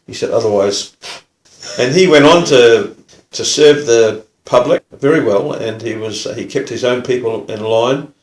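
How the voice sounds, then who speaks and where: A man's voice: medium pitch, normal speed, reverberant. Older New Zealand man telling stories. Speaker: retired police officer telling stories. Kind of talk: casual storytelling.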